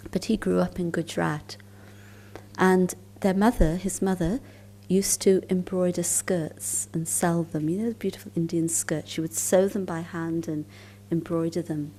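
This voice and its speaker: A woman giving a spiritual talk at a conference, telling stories calmly and unhurriedly, sometimes dropping into soft, near-whispered asides. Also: fairly low pitch, unhurried. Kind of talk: storytelling lecture at a conference.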